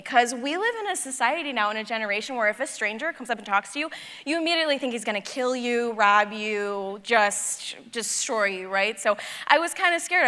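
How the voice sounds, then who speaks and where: Woman, conference speaker, bright and fairly high voice, lively storyteller who acts out dialogue, long reverb of a large hall. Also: brisk. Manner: animated, acts out dialogue in her stories. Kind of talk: personal storytelling talk.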